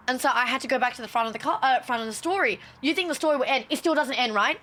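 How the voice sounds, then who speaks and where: A woman's voice: sits high, very fast, few pauses, fairly bright tone. A young woman streamer telling a story casually on a livestream, swearing freely and acting out the quotes.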